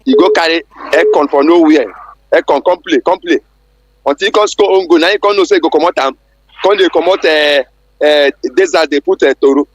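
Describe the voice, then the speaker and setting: Nigerian guy phoning in all worked up, highish voice, dry close sound. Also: fairly quick, no room sound, rough recording. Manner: irate, insistent. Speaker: caller. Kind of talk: heated phone-in rant.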